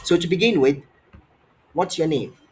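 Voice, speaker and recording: An encouraging male English tutor on a video call, drawing out a student with steady questions and repeated phrases. His voice has a husky, breathy edge at a middle pitch. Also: moderate pace. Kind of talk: online trial lesson.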